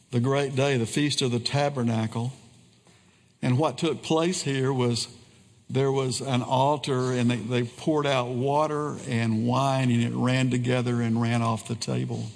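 A man preaching a sermon at a deliberately unhurried pace, leaning on earnest repetition and frequent pauses. His voice sits at an ordinary middle pitch. It rings out with a long reverb, as in a church sanctuary. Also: steady tone, creaky. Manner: slow, earnest preaching with pauses and repeated phrases.

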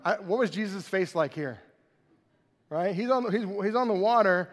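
A pastor preaching a sermon in an animated, conversational way, in a large church hall. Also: male voice, sits high, fairly quick.

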